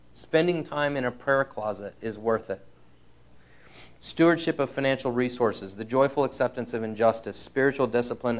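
A medium-pitched male preacher tells a personal story during his sermon. His manner is earnest and frank, and he slows down to stress the lines that matter most.

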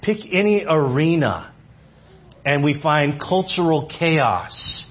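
A man in his forties preaching a sermon in church, animated, repeating phrases for emphasis and asking the congregation questions. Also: fairly high pitch, takes it slowly, husky, highs cut off. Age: 40s. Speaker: visiting speaker. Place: church sanctuary.

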